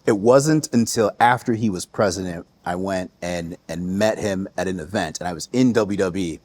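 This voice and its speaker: A relaxed man from the United States, guesting on a podcast, telling stories and quoting others with lively voices. His voice sits on the low side for a man. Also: moderate pace. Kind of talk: casual interview storytelling.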